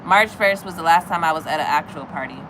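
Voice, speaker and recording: A woman in her thirties chatting casually with viewers, telling a story in an animated way. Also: fast, noisy background. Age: 30s. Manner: animated, acts out other people's lines in a high voice.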